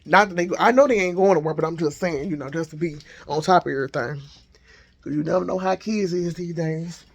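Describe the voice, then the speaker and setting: A man vlogging casually from his home kitchen on a handheld phone, thinking out loud as he cooks. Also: a little high, fairly quick. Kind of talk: casual chat while cooking.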